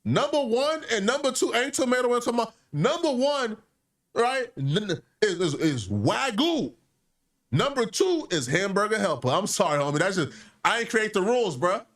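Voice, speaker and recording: A man making a commentary video, animated and opinionated, mimicking other people as he argues. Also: high-pitched, moderate pace, recorded from a distance. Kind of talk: hip-hop commentary video.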